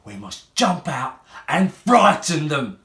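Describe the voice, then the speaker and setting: A man's voice: a little high, big pitch swings, slow, a bit bright, exaggerated voice. A man voicing a boastful male monster mug leader who growls out his plans. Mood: scheming. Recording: roomy room echo.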